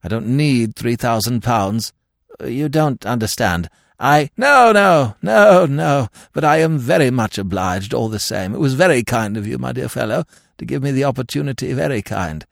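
A man's voice: mid-range voice, animated, normal speed, creaky, dry recording, clean studio sound, pitched above the performer's own voice. A man voicing a vague, absent-minded elderly male aristocrat who rambles and trails off.

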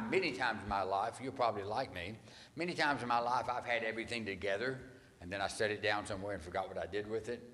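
A man's voice: on the low side, pushed and bright, big-room sound. A man, a pastor, preaching a morning sermon in a conversational, folksy, tongue-in-cheek way.

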